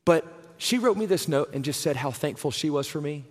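Earnest pastor in a reverberant church. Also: male voice, fairly high pitch, expressive, brisk. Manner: conversational, earnest, says "right?" and "man" often. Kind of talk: sermon. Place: church sanctuary. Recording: long hall reverb.

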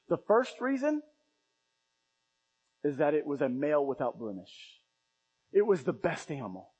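A man preaching a sermon as pastor, impassioned, swinging between loud emphatic runs and quiet low asides. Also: big-room sound, rough recording. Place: church sanctuary.

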